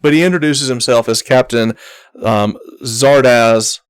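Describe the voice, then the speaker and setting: A man's voice: medium pitch, measured pace, clean tone. Hesitant male game master narrating. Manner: hesitant, many fillers and repeated words.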